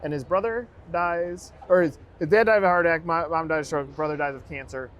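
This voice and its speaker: A man's voice: on the high side, a little fast, lo-fi sound. A man hosting an interview podcast, agreeing with short replies and sharing a friend's story. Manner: agreeable, short prompts and asides. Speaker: podcast host. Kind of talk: casual interview talk.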